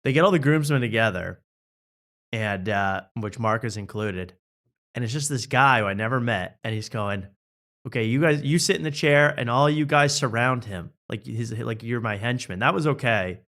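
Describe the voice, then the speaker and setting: A man's voice: medium pitch, moderate pace. A young adult man hosting, telling a self-mocking story in casual chat and acting out the people in it. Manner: animated, self-mocking, acts out quotes. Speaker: host.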